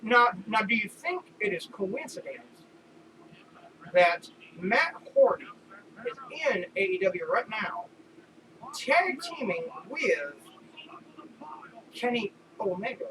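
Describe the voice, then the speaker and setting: A high-pitched man with a New York accent chats about wrestling on a podcast. He tells his stories loud and animated and swears freely. He sits well away from the mic, with clear background noise in the recording. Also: slow, pauses often, recorded from a distance. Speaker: podcast co-host. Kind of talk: casual chat watching wrestling.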